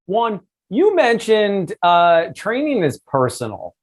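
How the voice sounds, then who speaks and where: A man's voice: high-pitched, huge pitch swings, slow pace. A man hosting an interview podcast, talking in a casual, enthusiastic way and asking long, rambling questions. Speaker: podcast host.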